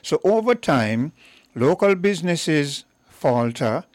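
Deliberate radio host. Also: male voice, on the high side, sing-song, darkish tone, no echo, clean studio sound. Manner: deliberate, stresses key words. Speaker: radio talk show host. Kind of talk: call-in talk radio discussion.

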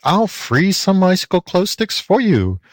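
Man reading gentle old rabbit gent, cheerful, lively tune, unhurried, storybook. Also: sits high, dry recording, studio quality, pitched above the performer's own voice.

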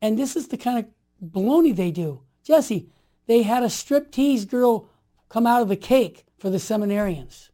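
A man in his sixties telling stories as a guest, energetic and emphatic, acting out what others said. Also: high voice, moderate pace. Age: 60s. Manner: energetic and emphatic, acts out quoted voices. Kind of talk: animated storytelling.

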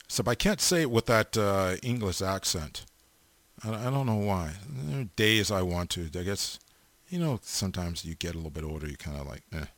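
A middle-aged man on the radio sends laid-back shout-outs to his listeners, speaking close to the microphone and sprinkling in fillers and one amen after another. His voice is low-pitched, and there's no room sound.

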